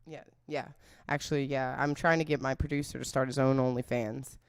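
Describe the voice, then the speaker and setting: A young woman hosting a podcast, telling a story in an animated, profane, joking way. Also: extremely low pitch, fairly quick, clear, resonant tone. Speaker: podcast host.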